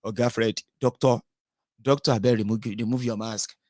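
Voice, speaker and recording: A man's voice: mid-range voice, fairly even intonation, normal speed, a little mellow, dry recording, studio quality, close to an everyday voice. A man voicing a frightened young man who begs in Nigerian Pidgin. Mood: pleading. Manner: begging, desperate.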